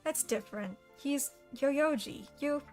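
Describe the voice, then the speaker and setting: An eager, talkative schoolgirl, bubbly and imaginative, her voice sitting on the higher side, as a woman reads her aloud. The storybook reading carries light music in the background. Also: takes it slowly. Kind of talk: audiobook character voice.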